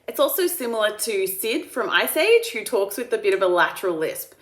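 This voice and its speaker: A woman with an Australian accent, working as a speech pathologist, calmly explains therapy steps and slowly models speech sounds. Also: medium pitch. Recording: roomy echo.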